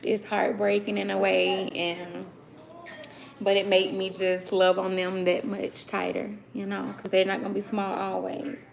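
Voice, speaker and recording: Her mid-range voice is completely flat, unhurried and creaky, on a low-quality recording. She's a chatty vlogger mom in her thirties, talking to viewers as y'all from her home kitchen about cooking for her kids, with children talking nearby.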